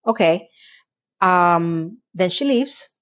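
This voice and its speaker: A woman reviewer gives a casual, opinionated TV recap in a lowish, expressive voice, though the audio sounds dull. She's chatty and rambling with quick asides, now and then acting out characters' lines in quick quotes.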